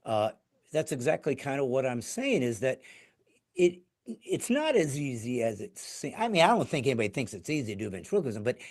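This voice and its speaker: A man's voice: medium pitch, sing-song, brisk. Eager male podcast host. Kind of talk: podcast interview.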